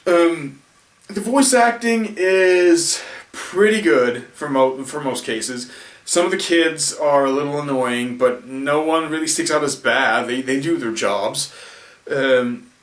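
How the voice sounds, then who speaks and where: A man's voice: a little high, takes it slowly. A man giving a casual, rambling film review late at night, tired, often restarting his sentences. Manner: rambling, self-correcting, frequent restarts and fillers. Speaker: video reviewer. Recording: roomy echo, mic at a distance.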